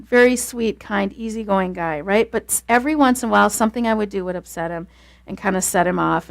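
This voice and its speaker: A woman leading a class on marriage communication, talking fast and telling stories in a lively, casual way. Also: medium pitch, creaky. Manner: fast-talking, animated storytelling.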